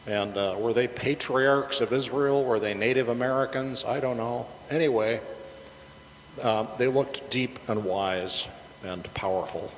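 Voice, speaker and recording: Chatty middle-aged pastor in a hall. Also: male voice, mid-range voice, a little slow. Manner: chatty, rambling, many fillers and restarts. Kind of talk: casual storytelling sermon. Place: church sanctuary. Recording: reverberant hall with faint background noise.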